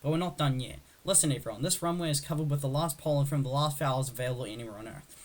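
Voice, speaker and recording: A man reading the lines of an eager, confident young male bee in his own voice, rushed and nearly unvoiced. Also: mid-range voice, close to an everyday voice.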